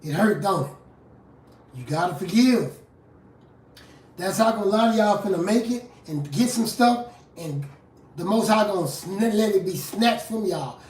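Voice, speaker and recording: A fiery street preacher in a confrontational live sermon. The voice drops low for scripture, then bursts out loud. It is recorded from well back from the mic, in a room with a strong echo. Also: expressive, unhurried, pauses often. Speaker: street preacher and rap artist. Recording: roomy echo from a distant mic.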